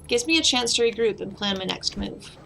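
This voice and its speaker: A woman's voice: mid-range voice, expressive, fairly quick, creaky, fairly bright tone, a little hiss or hum, poor audio. A woman reading the lines of a weary, bitter woman detective in a game, in a sardonic tone over background music.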